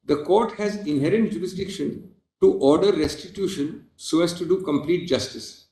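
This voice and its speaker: A man with an Indian English accent, a senior advocate making a formal, emphatic legal argument in court, often pausing on "well, as". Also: on the high side, a little mellow. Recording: echoey courtroom audio.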